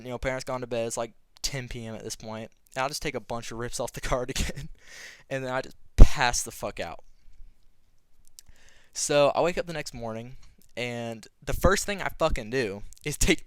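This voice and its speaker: A young man talks to camera in a loose, laid-back way, swearing freely as he rambles through a story. His voice is smooth and clear at a middle pitch, recorded close up in a dry, dead room. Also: darkish tone, no room sound. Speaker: vlogger. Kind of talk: casual storytelling.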